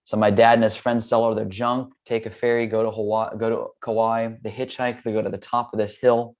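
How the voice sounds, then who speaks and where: A man's voice: on the low side, flat delivery, brisk, vocal fry, few pauses, darkish tone. A man from the United States, a yoga teacher, telling a personal story in a candid, casual way with loose fillers.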